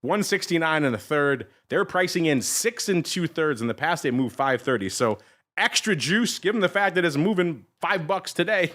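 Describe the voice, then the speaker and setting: Upbeat male podcast host, rapid market rundown. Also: mid-range voice, fairly bright tone. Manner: upbeat, addresses listeners, quick list reading.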